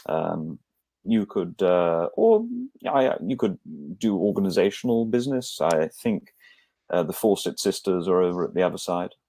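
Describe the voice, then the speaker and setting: A man voicing a stolid, staunch, matronly older woman who leads suffrage campaigners, in a brisk and commanding manner. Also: deep voice, very animated, gravelly, warm tone, no echo, heavily acted. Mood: organizing.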